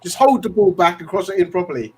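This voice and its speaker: A man's voice: high voice, expressive, quick pace, a little hiss or hum. A man co-hosting a fan football live stream, getting wound up over sloppy play. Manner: gets wound up about missed chances. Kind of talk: casual football chat.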